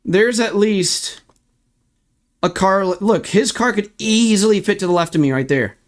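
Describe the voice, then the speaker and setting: In an unhurried, high-sitting voice, a young male streamer vents his frustration over sim racing replays, cursing as he walks viewers through the footage in a ranting commentary.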